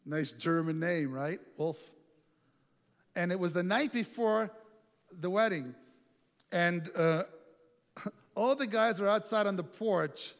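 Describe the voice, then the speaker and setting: A middle-aged male pastor telling a lively personal story in a sermon, acting out the other voices in it. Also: high voice, unhurried, pauses often. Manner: animated storytelling with quoted voices. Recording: long reverb, faint music.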